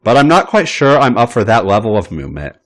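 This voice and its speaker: A man voicing a bratty, playful young man who talks airily and breaks into high shrieks. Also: sing-song, fast talker, natural voice. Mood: airy. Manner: airy, whiny, high-pitched shrieks. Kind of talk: audiobook-style read fiction.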